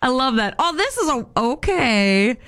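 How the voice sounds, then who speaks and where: Female radio co-host, fairly high voice, casual and giggly. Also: sing-song, unhurried, fairly bright tone. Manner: chatty, laughs often, reads listener texts.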